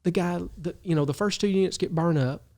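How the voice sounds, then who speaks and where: A man hosting a video who tells a story in casual talk, animated, chuckling often and restarting his sentences. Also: high voice, brisk. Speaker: video host.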